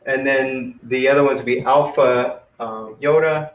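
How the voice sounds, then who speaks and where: A man teaching a casual online beginner class, relaxed and friendly, often saying "man" and "you know.". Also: medium pitch, unhurried, reverberant, highs cut off, a little hiss or hum.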